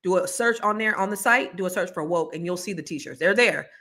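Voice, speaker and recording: A woman hosts a casual livestream with a bright, forceful voice. She reads viewer comments and talks bluntly, swearing freely and swinging from low mumbles to heated rants. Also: fairly quick. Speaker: host.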